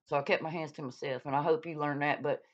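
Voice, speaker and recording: A fast-talking woman with a low voice and fairly even intonation rants on her channel against another creator. The heated, casual tirade is profane, blunt and scolding, recorded with dull lo-fi sound.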